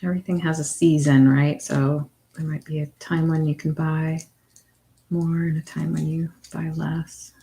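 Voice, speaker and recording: A woman's voice: sits low, flat delivery, normal speed, mellow. A middle-aged woman casually chatting with viewers while crafting at home, meandering and answering comments. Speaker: craft livestream host.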